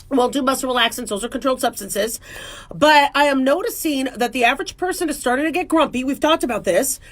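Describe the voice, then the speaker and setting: A woman who is a family medicine doctor, talking casually and playfully about her work. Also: high-pitched. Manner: chatty, playful, jumps into voices. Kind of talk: casual talk monologue.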